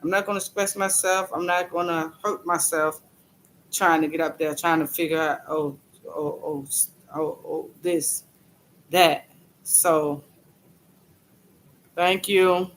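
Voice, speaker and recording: Slow-talking bright-voiced man. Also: fairly high pitch, steady tone, a little hiss or hum, poor audio. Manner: halting, repeats phrases; greets viewers by name mid-story. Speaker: livestreamer. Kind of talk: casual live-stream talk.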